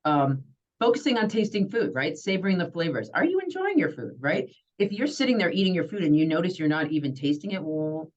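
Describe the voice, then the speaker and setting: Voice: medium pitch, sing-song, fairly quick, lo-fi sound. A healthcare provider giving a conversational webinar talk, often checking in with "right?" and "you know?". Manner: chatty, keeps asking "right?" and "you know?". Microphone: computer mic on a video call.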